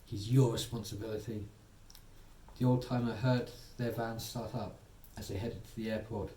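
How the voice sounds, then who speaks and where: A man narrating a soothing bedtime story, gently voicing its characters. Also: medium pitch, steady tone, normal speed, a little hiss or hum. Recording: echoey room, distant mic, faint ambience.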